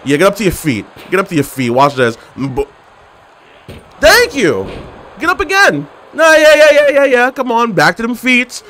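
Young male gameplay commentator, mouthy and excitable, pitch jumping all over, faint background noise. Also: normal speed. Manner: trash-talking, excitable and exasperated. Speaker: gaming commentator.

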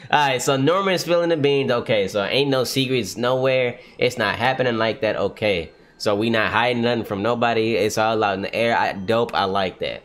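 A man reading a manga aloud on a livestream and reacting, animated, often exclaiming and laughing. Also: mid-range voice, moderate pace, few pauses.

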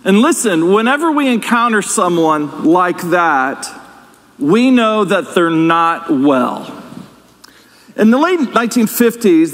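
Man, pastor, conversational sermon, high-pitched, long church reverb. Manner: conversational preaching with asides and questions to the congregation. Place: church sanctuary.

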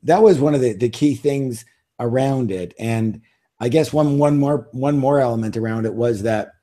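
A man's voice: medium pitch, normal speed, dark tone. A middle-aged man telling stories as an interview guest in a casual, self-assured way, with emphatic repeats. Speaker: interview guest, author and seminar leader.

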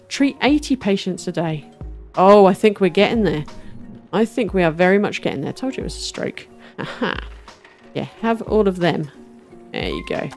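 A woman's voice: fairly high pitch, a little mellow. A woman giving casual let's-play commentary, chatting to herself and to the game's characters and laughing now and then. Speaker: gaming channel host.

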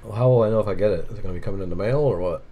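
A man baiting a phone scammer, playing a slow, rambling, confused caller. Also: fairly low pitch, phone-quality sound. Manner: plays dumb, slow and rambling. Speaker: scam baiter posing as a caller. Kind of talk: prank phone call.

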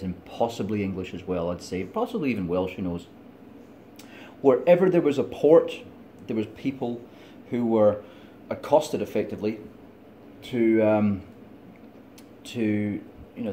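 A middle-aged Scottish man rambling through a vlog monologue, digressing and laughing between points. His voice sits low and mellow, with a faint hiss behind it. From Scotland. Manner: digressive, laughs often, tipsy and chatty. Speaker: vlogger.

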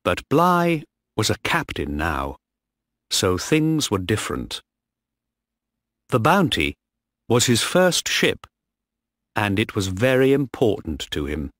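Male narrator, slow learner-level audiobook reading, lively pitch. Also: dry recording, studio quality. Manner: very slow, clearly phrased, lively intonation. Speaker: storyteller.

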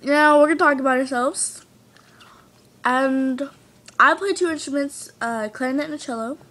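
A woman's voice: high voice, moderate pace, fairly bright tone. A teenage girl from the United States chatting casually in a home vlog, giggly and easily sidetracked. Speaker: vlogger. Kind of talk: casual chat.

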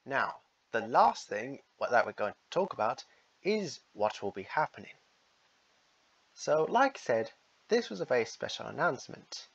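Gravelly guy rambling through a fan dub casting announcement, dull lo-fi mic, kinda husky. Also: mid-range voice, very animated, normal speed, no echo. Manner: rambling, repeats himself. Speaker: fan redub organizer. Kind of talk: casual announcement.

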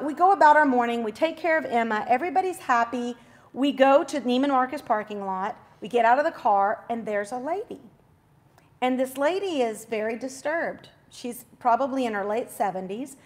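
A high-pitched woman in her forties hosts a faith talk show and tells a personal story. She talks in a chatty, relaxed devotional style, throwing in quick asides and self-corrections.

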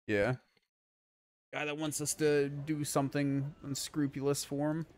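A man's voice: on the high side, level tone, a little slow, slight background noise. A man playing a game together with a streamer, chatting laid-back, swearing and laughing. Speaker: streamer's co-op partner. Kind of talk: casual co-op game stream chat.

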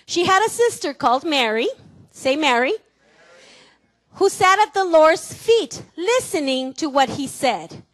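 A high-pitched woman with a Mexican Spanish accent preaches a sermon in a church. She teases her congregation, laughs easily and has them repeat words back to her. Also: big pitch swings, a little slow, a bit bright. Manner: playful, laughing, calls for congregation responses. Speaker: pastor. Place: church sanctuary.

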